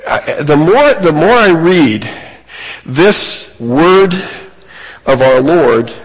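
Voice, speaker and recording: Male preacher, slow and husky, earnest sermon delivery, long hall reverb. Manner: earnest, emphatic, rises in pitch on key points.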